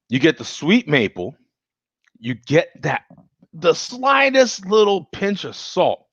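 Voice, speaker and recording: A man reviews a beer live with viewers, his voice bouncing animatedly as he jokes and laughs. He talks in a slightly high register. The sound is dry and dull, like lo-fi stream audio. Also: no echo. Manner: animated, joking, laughs often.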